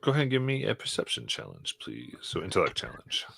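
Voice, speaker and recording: Guy running a tabletop game, gravelly voice, laid back with lots of ums. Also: deep voice. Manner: relaxed, halting narration with fillers. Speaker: game master.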